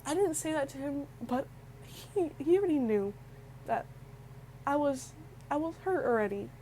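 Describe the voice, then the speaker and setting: A woman's voice: high voice, moderate pace, dark tone, a little hiss or hum, low-quality recording. Emotional young woman telling a story. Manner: emotional, rambling, with frequent restarts and quoted dialogue. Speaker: vlogger telling a personal story.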